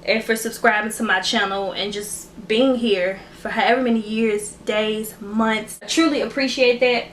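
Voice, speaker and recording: A woman's voice: fairly high pitch, normal speed, few pauses, fairly bright tone, roomy sound, a little hiss or hum. A woman YouTuber, chatting emotionally and gratefully to camera in a casual vlog at home. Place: room at home lit by ring light.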